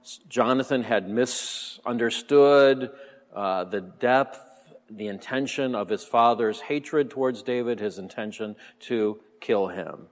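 A man teaching a verse-by-verse sermon in a relaxed, explanatory way, with frequent fillers and soft chuckles. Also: mid-range voice, slow, big-room sound. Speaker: Bible teacher.

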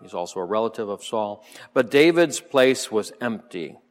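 A man teaching a verse-by-verse sermon in a relaxed, explanatory way, with frequent fillers and soft chuckles. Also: lowish voice, normal speed, in a large hall. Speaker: Bible teacher.

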